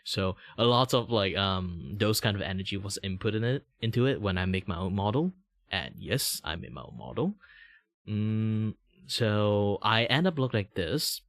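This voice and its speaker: A man's voice: on the low side, lively intonation, fairly bright tone, dry recording. Malaysian man, chatty streamer, dry sound. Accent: Malaysian English. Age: 30s. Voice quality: deliberately raised speaking tone. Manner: rambling, meandering explanations. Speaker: VTuber streamer. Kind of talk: casual livestream chat.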